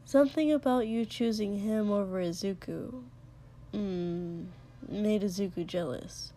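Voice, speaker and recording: A woman voicing a calm, reserved young man who speaks quietly and hesitantly in a storybook reading. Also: mid-range voice, measured pace, a little hiss or hum, lightly acted.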